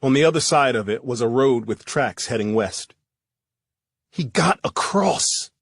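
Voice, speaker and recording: A man narrating a first-person thriller audiobook in a steady, measured reading. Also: medium pitch, dry recording, clean studio sound.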